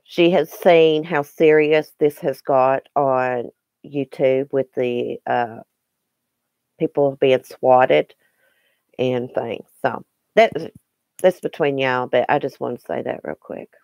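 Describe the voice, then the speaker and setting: A woman's voice: very deep voice, fairly even intonation, slow pace, a little mellow, no echo. A Southern woman hosting a casual livestream, chatting folksily with viewers by name and reading the chat. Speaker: YouTube livestream host.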